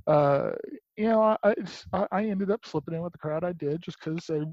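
A man in casual conversation who speaks haltingly, repeating words as he searches for them. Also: on the high side, a little mellow, dry recording, dull audio.

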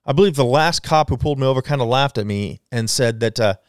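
A man's voice: mid-range voice, fast, clean tone, dry recording, studio quality. A man in his forties hosting a solo podcast, ranting bluntly and swearing freely. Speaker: podcast host. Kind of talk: casual solo podcast rant.

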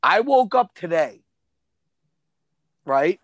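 A man in his forties co-hosting a podcast, telling stories in a profane, animated way during a casual chat about a movie. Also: sits high, very slow, no echo. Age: 40s. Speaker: podcast co-host.

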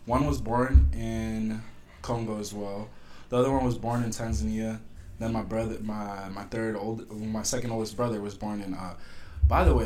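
A man's voice: lowish voice, a little mellow, a little hiss or hum. A young man from Burundi, a podcast guest, chatting casually in an easygoing way and saying "bro" a lot. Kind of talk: casual chat.

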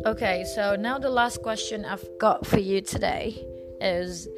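A woman hosts a podcast and puts prepared questions to her guest. She speaks clearly and stays on her script. Music plays clearly underneath her voice. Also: mid-range voice, unhurried. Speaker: podcast host.

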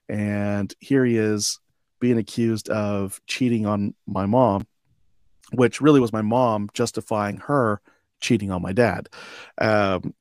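Male guest, 40s, low-pitched voice, dry close sound; candid, rambling personal story with frequent fillers. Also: a little mellow, dry recording. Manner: reflective, loose, with many fillers like "um" and "you know". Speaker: podcast guest, combat veteran. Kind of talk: telling his life story in a conversation.

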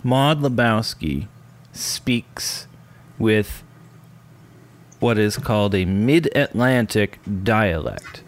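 A man's voice: on the low side, very slow, pauses often, slight background noise. A man hosting a casual chat, cracking jokes and bantering with his guests. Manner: wisecracking, joking banter. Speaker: podcast host.

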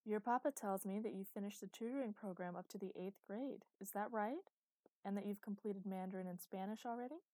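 A woman reading an audiobook, voicing a doting older female teacher with a velvety, smooth voice who gushes with affection. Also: medium pitch, a little fast, mellow, no echo, lightly acted. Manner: gushing, affectionate.

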